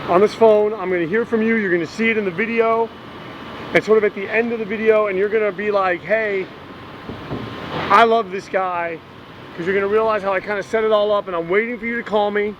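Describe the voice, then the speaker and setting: A man's voice: high-pitched, fairly even intonation, brisk, muffled recording, close to an everyday voice. An actor playing a dumped young man who rambles and pleads in a video message to his ex, outdoors near traffic. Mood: pleading. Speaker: lead character in a short comedy film. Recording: street noise with passing vehicles.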